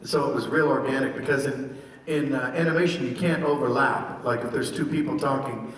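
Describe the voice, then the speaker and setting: An older man, a voice actor, telling stories and answering fan questions at a convention panel in an animated, laughing way. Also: mid-range voice. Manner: animated, laughing, jumps into quick character voices. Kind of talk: casual storytelling and Q&A. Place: large convention hall. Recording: echoey hall heard from far off.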